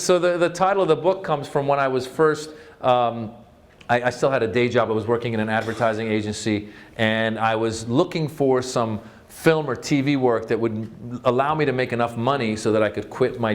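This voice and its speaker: A man's voice: medium pitch, moderate pace. A man from Northern California giving a humorous storytelling talk, chatty and self-mocking, often stopping to restart with fillers. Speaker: author and comedian giving a talk.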